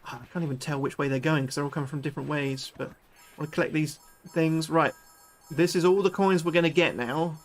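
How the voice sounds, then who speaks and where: A British man livestreaming a game, chatting excitably with his viewers and swearing freely. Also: a little high, fast talker, faint music behind. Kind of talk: live gameplay commentary chatting with viewers.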